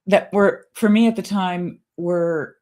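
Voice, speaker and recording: Lower-pitched woman telling lively stories. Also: slow pace. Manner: animated, laughing storyteller who acts out quotes in a varied pitch. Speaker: guest. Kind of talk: casual conversational storytelling.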